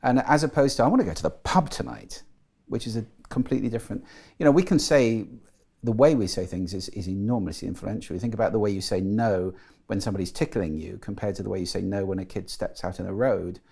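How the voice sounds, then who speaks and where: A middle-aged man, a voice and sound expert appearing as an interview guest, explains things articulately and enthusiastically, demonstrating voices along the way. His fairly low voice is fast and fairly even in intonation, mellow with vocal fry and a breathy edge.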